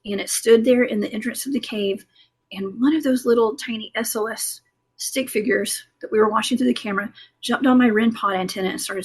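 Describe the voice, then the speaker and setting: Husky woman telling a spooky tale. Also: fairly high pitch. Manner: rambling, many fillers and restarts. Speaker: guest, cryptid investigator. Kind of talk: casual interview storytelling.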